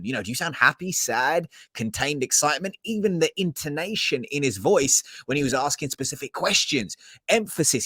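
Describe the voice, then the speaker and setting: A male podcast host with a middle-pitched voice speaks with enthusiasm, his pitch moving a lot, and turns to talk straight to the audience. He is recorded close up in a dry sound. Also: a bit bright, dry recording. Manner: enthusiastic, addresses listeners directly. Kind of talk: conversational interview.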